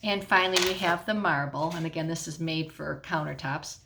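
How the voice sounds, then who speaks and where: Patient woman teacher, slightly low voice. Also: brisk, vocal fry, noisy background. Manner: patient, explanatory, checks in with okay. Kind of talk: classroom science lesson on video. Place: at home.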